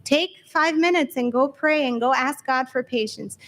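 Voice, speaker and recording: A woman's voice: high-pitched, moderate pace, fairly bright tone. A woman giving an earnest church talk on parenting, explaining with examples and rhetorical questions and acting out talks with her children.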